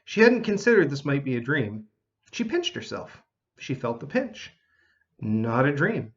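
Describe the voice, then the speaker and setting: A man narrating a children's storybook in an expressive, animated reading style. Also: medium pitch, normal speed, highs cut off.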